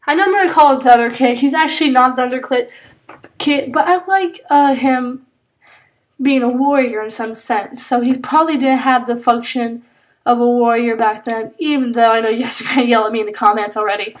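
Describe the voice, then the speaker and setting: A woman's voice: a little high, a little fast. A woman casually making up and telling a story as she draws, rambling with lots of fillers and self-corrections. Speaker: drawing channel creator. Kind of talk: casual improvised storytelling while drawing.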